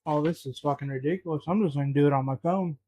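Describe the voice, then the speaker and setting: A man's voice: on the high side, fast, mellow. Flustered man muttering in his kitchen. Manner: flustered, muttering, swears often. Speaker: home cook vlogger. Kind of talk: casual talking to himself while cooking. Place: home kitchen.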